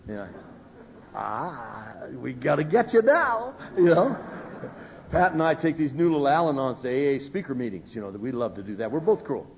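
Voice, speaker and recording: An older man with a mid-range, expressive voice speaks fairly quickly from a podium at a recovery meeting, telling funny stories and acting out the voices of people he quotes. The live recording is dull and lo-fi, with a slight background noise.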